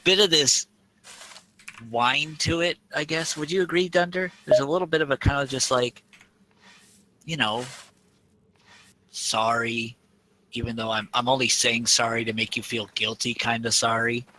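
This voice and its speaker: A man's voice: mid-range voice, normal speed, bright, forceful tone, a little hiss or hum, poor audio. A Canadian man chatting casually with friends on voice chat while playing a game, laid-back and joking. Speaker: game player.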